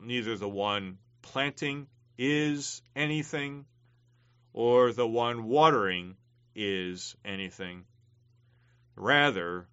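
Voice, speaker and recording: A man teaching a class on a Greek text, halting often with ums and uhs and stressing key words. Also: on the low side, bright, forceful tone, clear, resonant tone, no echo. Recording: dull lo-fi dry recording.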